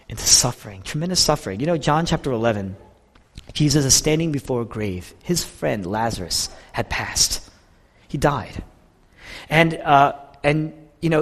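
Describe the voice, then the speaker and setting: A man preaching a sermon, swinging between loud, emphatic peaks and hushed near-whispers. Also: on the high side. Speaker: pastor. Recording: long hall reverb.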